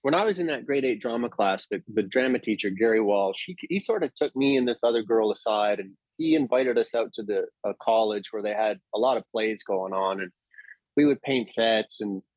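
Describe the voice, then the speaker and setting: A male actor telling stories in a casual interview, animated and often restarting his sentences. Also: on the low side, a little fast, no room sound. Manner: anecdotal, animated, with frequent restarts.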